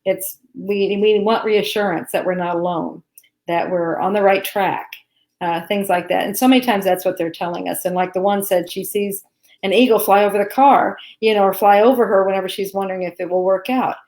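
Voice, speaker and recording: A woman from Arkansas, USA, co-hosting a live spiritual Q&A chat from home, has a mid-range, slightly mellow voice with fairly even intonation and a brisk pace. She comes across as reassuring and chatty, laughing often.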